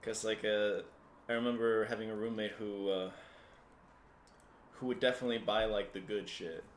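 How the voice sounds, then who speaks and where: A man's voice: on the low side, little pitch movement, moderate pace. A man hosting a podcast, talking in a laid-back, casual way and telling stories with plenty of swearing. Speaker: podcast host. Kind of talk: casual chat. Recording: roomy with faint background noise.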